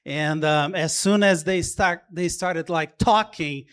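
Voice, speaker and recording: A man from Brazil with a Brazilian Portuguese accent, a pastor preaching a sermon to his church in a warm, halting way with many pauses and restarts. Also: high-pitched, clear, resonant tone.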